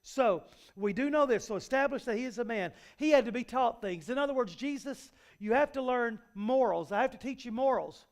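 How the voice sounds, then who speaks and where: A male pastor giving a conversational sermon, folksy and full of everyday analogies, often restarting his sentences. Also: very high voice. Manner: frequent repeated restarts. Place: church sanctuary.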